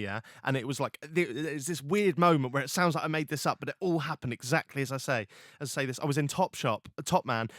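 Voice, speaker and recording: A man's voice: mid-range voice, fairly bright tone, no echo, studio quality. A young man hosting a podcast, telling stories animatedly with swearing and many restarts. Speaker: podcast host. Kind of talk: casual podcast chat.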